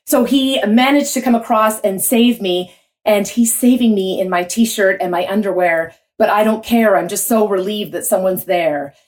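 A woman telling a vivid personal story to an audience, in an animated way. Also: medium pitch, normal speed.

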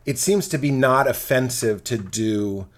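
A man's voice: medium pitch, unhurried. A man, a stand-up comedian, chatting casually and breaking into silly character voices. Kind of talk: casual chat.

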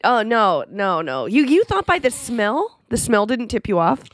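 A woman's voice: fairly high pitch, big pitch swings, a little slow, no room sound. A woman on a comedy podcast chatting casually and teasing the storyteller, with a habit of saying "like". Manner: chatty, lots of "like" fillers.

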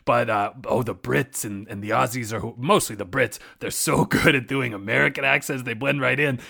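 A man riffing in improvised comedy banter, excitable and prone to loud outbursts. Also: mid-range voice, moderate pace, gravelly, breathy edge.

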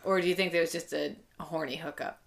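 A woman's voice: sits low, fairly even intonation, fast, gravelly. A woman hosting a casual podcast interview, asking curious questions and reacting with gasps and laughs. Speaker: podcast host.

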